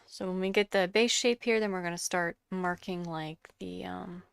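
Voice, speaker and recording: A woman's voice: fairly low pitch, fairly even intonation, moderate pace, vocal fry, clean tone. A woman with a congested voice chatting casually as she narrates her sculpting, searching for words and dropping into whispers now and then. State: congested, coughing. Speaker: sculpting vlogger.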